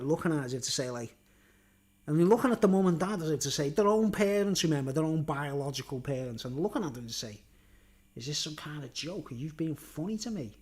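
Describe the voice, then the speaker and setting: A man, rambling through a monologue and constantly tacking on "right?" and "you know what I mean?", blunt and sweary, with chuckles. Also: on the high side. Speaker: vlogger.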